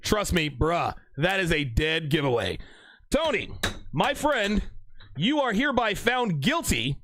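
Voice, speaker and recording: Male live-stream host; playful, teasing delivery, pitch swinging all over, very dry mic. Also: a bit bright, dry recording. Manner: teasing, laughing, mock-courtroom ribbing. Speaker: livestream host reading chat. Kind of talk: casual live-stream banter.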